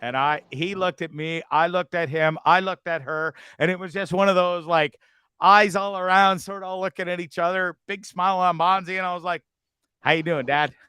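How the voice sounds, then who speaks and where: A man hosting a casual online show, telling a bar story with animated, laughing, bro-ish banter. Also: high voice, moderate pace, smooth, dry recording. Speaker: host.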